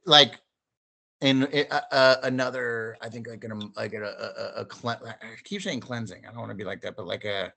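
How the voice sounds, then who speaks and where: A man from St. Louis, a stand-up comedian co-hosting a podcast, telling stories in a rambling, animated way and swearing freely. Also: lowish voice, gravelly. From St. Louis, USA. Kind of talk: casual chat.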